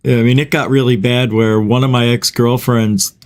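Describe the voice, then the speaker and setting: Man, mid-pitched, easygoing storyteller on a chat podcast. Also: steady tone, normal speed.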